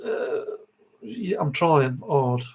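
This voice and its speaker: This middle-aged host of a diecast model livestream has a voice on the high side, creaky with a breathy edge, big pitch swings and an extremely slow pace. He has an East Midlands accent and comes from the English Midlands. He chats matily, reading viewer comments and chuckling between them.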